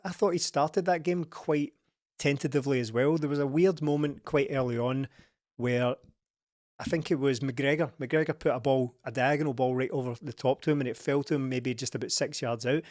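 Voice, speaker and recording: A man's voice: medium pitch, a little mellow, no echo, clean studio sound. Chatty Scottish man on a football podcast. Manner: chatty, analytical, laughs often. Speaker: podcast co-host. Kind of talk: casual football podcast chat.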